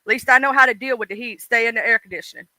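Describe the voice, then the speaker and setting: A man from Mississippi with a Deep South accent, rambling in folksy casual chat with his livestream viewers and greeting them by name. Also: racing, pushed and bright, no room sound. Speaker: livestream host.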